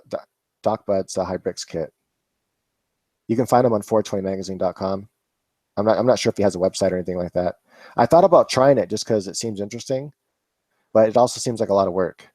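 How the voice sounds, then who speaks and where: A man's voice: on the low side, warm tone, no echo. A man hosting a live Q&A, chatting casually and rambling with laughs and swearing. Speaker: vlog host answering viewer questions.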